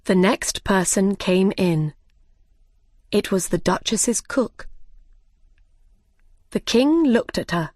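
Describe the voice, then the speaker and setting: Storybook narrator, woman, slow and very clear, dry close sound. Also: mid-range voice, animated, a little mellow, no room sound. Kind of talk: graded-reader story narration.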